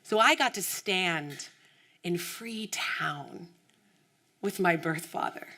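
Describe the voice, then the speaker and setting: A woman from the United States giving an inspirational keynote talk, telling her story with animated storytelling and acting out the voices of the people in it. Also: on the low side, a little slow. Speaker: keynote speaker.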